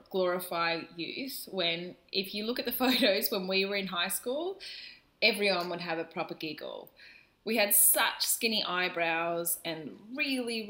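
A woman in her thirties co-hosts a casual chat, teasing her friend and breaking into laughter. Her voice is bright and ringing, and she spins stories with playful energy. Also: lowish voice, echoey room. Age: 30s. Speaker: podcast co-host.

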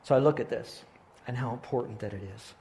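A man's voice: medium pitch, fast talker, dark tone. A middle-aged male pastor preaching a sermon, earnest and pastoral, often restarting his sentences.

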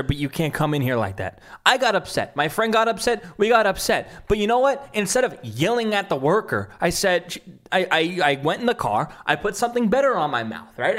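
A man's voice: a little high, a bit bright. A man giving reaction commentary, talking it through with frequent restarts.

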